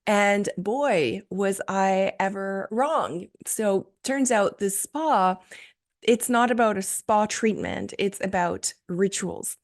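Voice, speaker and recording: A woman's voice: medium pitch, slow. A woman hosting a solo podcast, telling a personal story in an enthusiastic, chatty way with frequent fillers. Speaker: podcast host.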